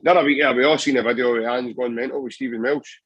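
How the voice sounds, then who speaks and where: Husky Scottish man, passionate football chat. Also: medium pitch, fairly even intonation, fast, fairly bright tone, no echo, dull audio. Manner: passionate, rambling with many restarts. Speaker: football podcast guest.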